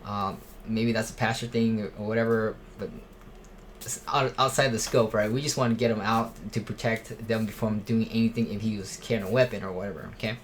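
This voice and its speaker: A man's voice: lowish voice, steady tone, a little fast, slight background noise. A man from a church safety team talking casually and unscripted, rambling with frequent restarts and fillers.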